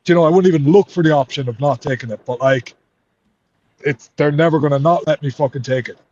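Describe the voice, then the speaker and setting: An Irish man in an interview, talking in a heated, frustrated way and swearing freely. His voice sits a little high, and the recording sounds dull and lo-fi. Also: quick pace, a little mellow, dry recording. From Ireland. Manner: heated, swears a lot, says mate. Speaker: MMA fighter.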